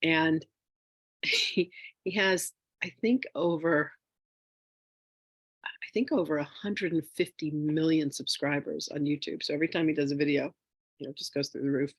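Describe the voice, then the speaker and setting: A woman telling a personal story in a casual, animated way as a spiritual wealth teacher, with lots of fillers. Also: sits low, normal speed, long pauses, breathy edge, no room sound. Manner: animated, chatty, with frequent fillers; emotional, near tears.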